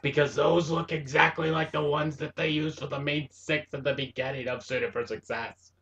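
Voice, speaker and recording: A man from Wisconsin hosting a casual cartoon review chat, excitable and gushing, often breaking into laughter. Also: fairly high pitch, normal speed, creaky, muffled recording. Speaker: show host reviewing a cartoon episode.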